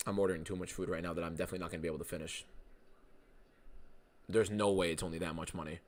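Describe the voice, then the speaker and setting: A young man hosting a live fight watchalong stream, talking casually and excitedly, swearing a lot and reading out viewer messages. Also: deep voice, rapid-fire. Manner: excitable, profane, reads chat aloud.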